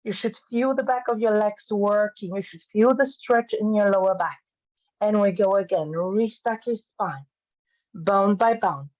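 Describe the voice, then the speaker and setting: A woman leads a pilates class with calm, step-by-step cues. Her voice sits in an ordinary middle pitch. The sound is a little dull and lo-fi. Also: a little slow. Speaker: pilates instructor. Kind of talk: guiding an online fitness class.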